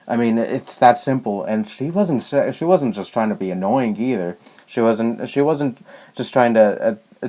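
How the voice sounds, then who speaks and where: Talking to camera, a young man unloads a personal story in a frustrated, meandering rant, stumbling into restarts and filler words. His voice is on the lower side and a bit mellow.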